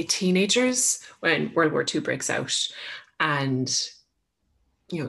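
A woman's voice: low voice, a bit bright, slightly rough. A woman co-hosting a casual podcast, making up a story as she goes with lots of fillers. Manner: rambling, filler-heavy storytelling. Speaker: podcast co-host.

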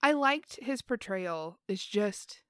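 A woman co-hosting a casual movie review podcast, candid and animated, laughing along. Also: mid-range voice, slow pace, dry recording, studio quality. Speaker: podcast co-host.

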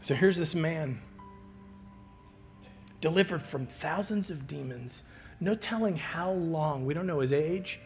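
A pastor preaching a sermon, swinging from loud emphatic lines to hushed near-whispers, with halting restarts. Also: male voice, on the high side, soft background music.

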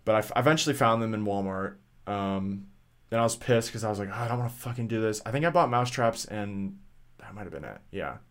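A man's voice: fairly low pitch, a little fast. A young man casually telling a rambling story on a podcast, swearing often and full of fillers and restarts. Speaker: podcast co-host.

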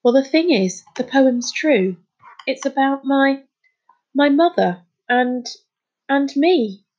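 A man's voice: very high-pitched, expressive, darkish tone, lo-fi sound, pitched above the performer's own voice, full character voice. A woman voicing an earnest schoolboy who stumbles over his words while confessing something strange, in a storybook reading. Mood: hesitant. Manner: hesitant, halting, pleading. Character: earnest boy who turns dolphin-like.

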